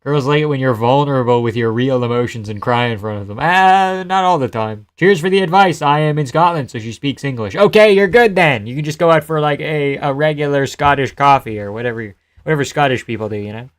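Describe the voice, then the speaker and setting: A man's voice: mid-range voice, expressive, brisk, few pauses, smooth. A man hosting a live stream who casually comments on fights and reads chat in a loose, joking, profane way and laughs often.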